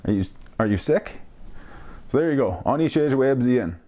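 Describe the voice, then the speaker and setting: A man hosting a casual radio language lesson, explaining slowly and repeating each phrase carefully, with light self-deprecating laughs. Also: medium pitch, animated, warm tone.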